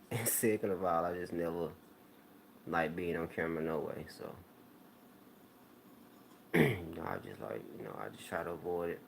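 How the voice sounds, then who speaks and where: A man with a very low voice hosts his own video channel and chats straight to his viewers. He rambles loosely through stories, full of slang and restarts. A faint hiss of noise sits under the recording. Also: animated, moderate pace, creaky, long pauses. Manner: laid-back, rambling storytelling with slang. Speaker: YouTube channel host. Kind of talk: casual talk to viewers.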